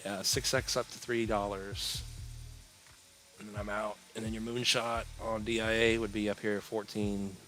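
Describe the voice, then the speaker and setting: A man with a fairly low voice walks through price charts on a live stream in a loose, rambling way. He answers chat as it comes in, yawns between points, and has faint music playing under his talk. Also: normal speed, rough recording. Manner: relaxed, rambling, yawning, reading chat aloud. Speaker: crypto livestream host. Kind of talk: casual live chart analysis.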